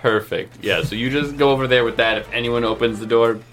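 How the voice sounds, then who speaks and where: A man's voice: mid-range voice, a little fast, a bit bright, soft background music. A man playing a tabletop game, talking through tactics casually. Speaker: player. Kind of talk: tabletop role-play.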